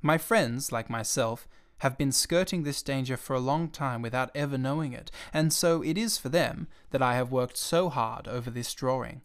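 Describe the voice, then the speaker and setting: A man reading a storybook aloud in a gentle, expressive and unhurried way. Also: mid-range voice, clean tone. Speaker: storybook reader.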